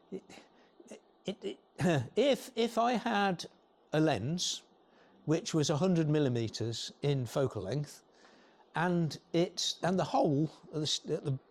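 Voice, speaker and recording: An older man giving an informal, rambling talk to a photography club, often clearing his throat and restarting sentences. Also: fairly high pitch. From England.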